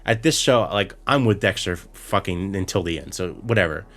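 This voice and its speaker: Lowish male voice, ranting podcast recap. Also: lively intonation, moderate pace, a bit bright. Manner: profane, exasperated ranting with many restarts. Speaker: podcast co-host.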